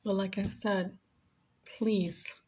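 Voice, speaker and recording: A woman's voice: medium pitch, little pitch movement, slow pace, dark tone, slight background noise. A woman in her forties, a nurse, giving emotional, earnest advice in a heartfelt monologue and repeating her points for emphasis. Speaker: nurse sharing life advice.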